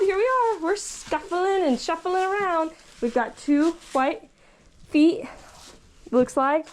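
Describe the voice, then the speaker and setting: A woman's voice: sits high, a little hiss or hum. A woman ranch owner chatting fondly about a newborn foal in a barn stall. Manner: doting, chatty, gushing. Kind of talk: casual vlog narration.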